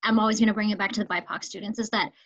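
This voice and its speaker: A woman teacher from Minnesota telling an emotional story in a relaxed conversation. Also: medium pitch, rapid-fire, poor audio. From Minnesota, United States. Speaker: teacher, podcast guest. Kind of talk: casual conversation.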